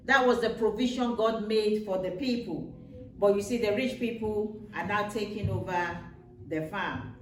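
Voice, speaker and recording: A woman's voice: medium pitch, moderate pace. A woman retelling a Bible story to a child in simple words, patiently repeating her points. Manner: patient, explains with repetition. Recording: roomy, distant mic with faint noise.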